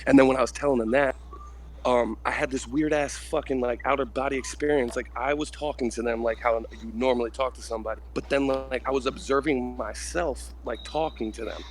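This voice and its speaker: A man's voice: medium pitch, steady tone, fairly quick. Young guy rambling thru a trip story, says "like" constantly, bit of faint hiss behind. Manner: rambling, heavy use of "like" and swearing. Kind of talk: casual trip story in group voice chat.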